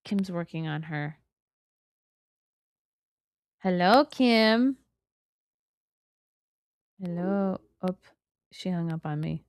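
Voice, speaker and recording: A woman hosting a live podcast, reacting to a roller coaster video with dramatic, animated commentary and silly voices for her own thoughts. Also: fairly low pitch, normal speed, no echo. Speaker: podcast host.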